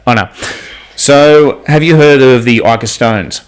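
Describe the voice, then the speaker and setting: A man co-hosting a podcast in casual chat, excitable and swearing constantly as he spins conspiracy talk. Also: medium pitch, measured pace, clear, resonant tone. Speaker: podcast co-host.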